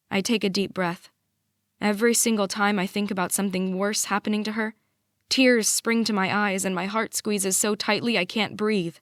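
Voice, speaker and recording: A young adult woman narrating a first-person audiobook in a measured, emotive way. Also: medium pitch, flat delivery, a bit bright, dry recording, clean studio sound.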